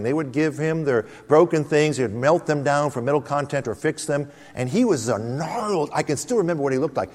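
A man's voice: on the high side, in a large hall. A man preaching a sermon, emphatic and storytelling, calling out to the congregation. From United States. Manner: emphatic, storytelling, calls out Amen.

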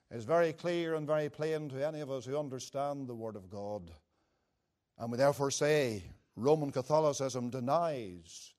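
A man preaching a sermon with passion, rising to loud declamation and dropping to quiet, low asides.

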